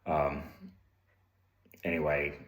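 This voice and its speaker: A man's voice: rumbling low, level tone, slow, a bit bright. A middle-aged man who was once a trooper tells candid stories about police ethics. He talks in a conversational way, often repeating and restarting words. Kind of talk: candid storytelling. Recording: roomy echo.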